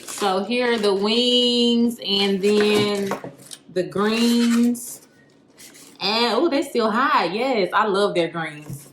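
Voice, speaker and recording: A woman's voice: a little high, very slow. A young woman hosts a casual chat over a meal, slangy and laughing while she eats. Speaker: host. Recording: roomy home recording with faint noise.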